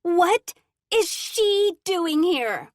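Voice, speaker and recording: A woman voicing an angry teenage girl with a shrill voice who snaps and accuses, read in an audiobook. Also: very animated, extremely slow, no echo, clean studio sound, full character voice. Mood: furious. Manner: sharp, snapping, accusing.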